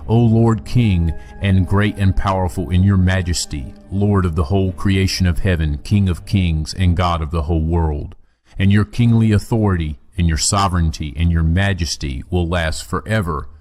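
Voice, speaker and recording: Man with a really deep voice reading old scripture slow and solemn, soft music under it. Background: faint music.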